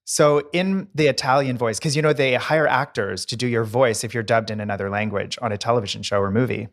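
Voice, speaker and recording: A man's voice: mid-range voice, fairly quick. Chatty man co-hosting a podcast. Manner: chatty raconteur, playful voice impressions. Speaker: podcast co-host, decorator. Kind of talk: casual chat.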